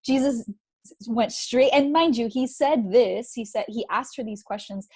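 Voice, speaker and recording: A woman's voice: a little high, normal speed, breathy edge. A woman guest in an interview, telling stories animatedly with many "like"s and "you know"s. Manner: animated storytelling, many likes and you-knows. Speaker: guest, author. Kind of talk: conversational interview.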